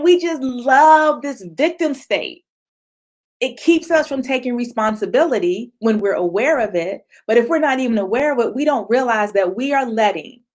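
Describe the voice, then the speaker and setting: Woman speaker, slightly high voice, lively motivational talk over a video call. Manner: animated, acts out voices of others, laughs often. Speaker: speaker at a virtual retreat.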